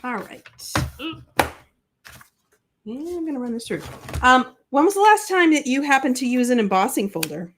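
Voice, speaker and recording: Higher-voiced woman with a summer cold. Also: big pitch swings, normal speed, long pauses. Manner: gushing, talks to the chat. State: has a summer cold, coughing. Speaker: host of a live papercraft show. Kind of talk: live crafting tutorial, chatty.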